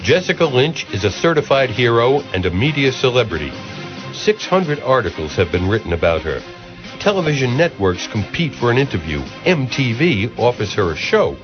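A man narrating a documentary in a measured, ironic way, stepping through dates. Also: mid-range voice, big pitch swings, lo-fi sound, over music.

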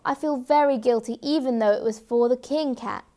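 A woman's voice: a little high, normal speed, mellow, close to an everyday voice. A woman voicing a male cat in a children's storybook, in a plain, firm voice close to her own. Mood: remorseful. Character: bossy then remorseful male cat.

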